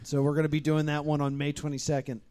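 A man's voice: a little high, monotone, fast, dark tone, smooth. A man hosting a live comedy podcast, rambling jokily through show plugs and stumbling over names. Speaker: podcast host. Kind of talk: casual live podcast banter.

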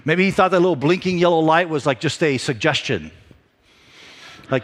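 Brief: middle-aged male preacher, somewhat high voice, chatty storytelling sermon. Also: normal speed. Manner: conversational, animated storytelling with frequent restarts. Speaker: pastor.

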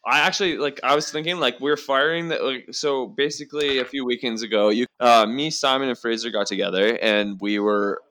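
Rambling, fast-talking man hosting a podcast. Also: mid-range voice, sharp tone. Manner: rambling and fast, heavy use of "like". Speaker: podcast host. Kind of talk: casual podcast banter. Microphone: podcast mic.

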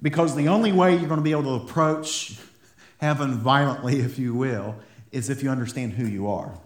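A pastor delivers a sermon in an echoey church hall. He talks in an animated, conversational way, laughing often and repeating words as he goes. His voice sits at an ordinary pitch for a man. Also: brisk.

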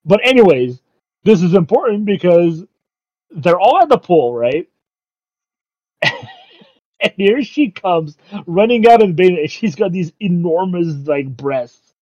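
A man in casual chat, excitedly recapping an anime episode, laughing constantly and swearing freely. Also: sits high, a little slow, pauses often, no room sound. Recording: dull lo-fi sound.

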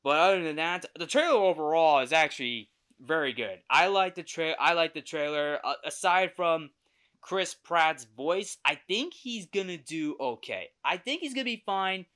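A man's voice: fairly high pitch, pushed and bright, clear, resonant tone. A young man hosting a podcast, chatting casually through a movie trailer review, often correcting himself and laughing easily.

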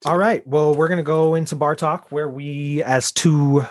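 A man's voice: fairly high pitch, fairly even intonation, moderate pace. Easygoing male podcast co-host from Chicago. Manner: easygoing, laughs often. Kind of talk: casual chat and segment intro.

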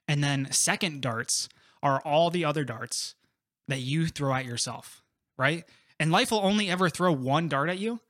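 A man's voice: mid-range voice, no room sound, clean studio sound. Casual man explaining in a mid-range voice. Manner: relaxed, drawn-out explanations with many "like" fillers. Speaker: podcast co-host. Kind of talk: casual recovery workshop talk.

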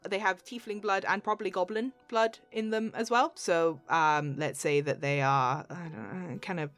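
A woman's voice: fairly low pitch, fairly even intonation, moderate pace, fairly bright tone, soft background music. Woman game master, rambling narration. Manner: rambling, many fillers and restarts, laughs easily.

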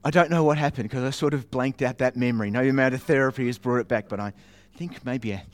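A man preaching in a chatty, self-mocking way, telling a childhood story with animated voices and sound effects. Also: mid-range voice, fast talker. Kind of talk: storytelling sermon.

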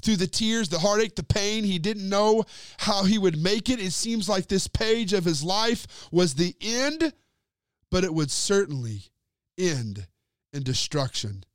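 A man preaching a sermon and retelling a scripture story, talking straight to his listeners and letting his sentences sink to low, quiet endings. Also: lively intonation, measured pace, no echo, studio quality. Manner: addresses listeners directly as friends.

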